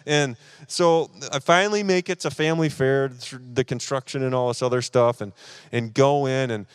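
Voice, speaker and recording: A man's voice: mid-range voice, clear, resonant tone, no room sound, clean studio sound. A man, preaching at a church service and animatedly acting out his own frustration while telling a personal story. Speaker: pastor.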